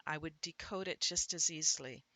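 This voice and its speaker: Bright, dry-voiced woman teaching phonics. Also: low voice, no echo. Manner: thinks aloud, sounds words out slowly. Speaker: literacy instructor. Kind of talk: explanatory teaching talk.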